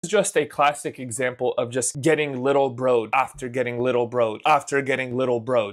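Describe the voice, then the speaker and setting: A man giving comedic commentary in a sarcastic, mocking way. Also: medium pitch. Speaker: YouTube commentator.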